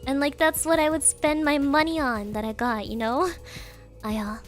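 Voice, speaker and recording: A woman's voice: sits high, fairly even intonation, normal speed, faint music behind. A woman streamer from Germany chatting casually, rambling with lots of "like" and frequent giggles. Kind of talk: casual chat.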